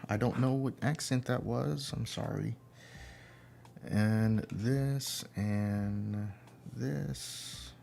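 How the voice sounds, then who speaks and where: A man's voice: fairly low pitch, vocal fry, warm tone. A man hosting a casual livestream, thinking aloud and humming to himself as he works on a model kit. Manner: unhurried, thinks aloud, hums to himself while working. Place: indoor home room.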